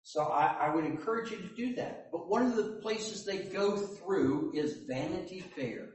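A man preaching a sermon as pastor, slow and deliberate, with joking asides. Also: sits high, animated. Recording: echoey hall, mic at a distance.

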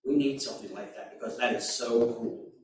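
A man preaching a sermon, slow and deliberate, with sudden emphatic bursts. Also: medium pitch, steady tone. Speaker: pastor. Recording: very echoey room, mic far off.

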